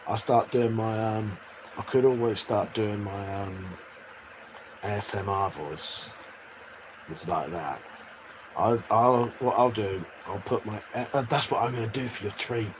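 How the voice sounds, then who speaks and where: A man's voice: fairly low pitch, fairly even intonation, moderate pace. An English man chatting casually and crudely on a live stream, reading out chat messages and laughing often. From England. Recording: faint background noise.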